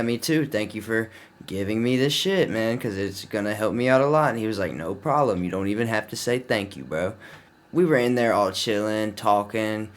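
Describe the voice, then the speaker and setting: A young man telling a casual storytime vlog in a slangy, profane, rambling way with lots of fillers. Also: on the low side. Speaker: vlogger.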